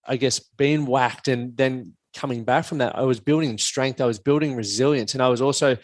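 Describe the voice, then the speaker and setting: A man's voice: mid-range voice, steady tone, moderate pace, no room sound. A man hosting a podcast as a coach, speaking frankly and reflectively with casual swearing. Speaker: podcast host, men's performance coach.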